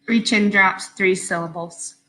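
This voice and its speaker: A woman teacher giving a recorded phonics lesson to young children, patient and clearly enunciated. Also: mid-range voice, fairly even intonation, measured pace, pushed and bright, low-quality recording.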